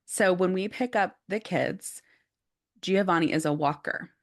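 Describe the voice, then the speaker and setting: A woman with a low, deep-set voice tells a story in relaxed podcast chat. She is animated and expressive, scattering "like" throughout her sentences as she talks. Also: unhurried. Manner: animated, acts out quotes, says "like" often. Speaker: podcast co-host.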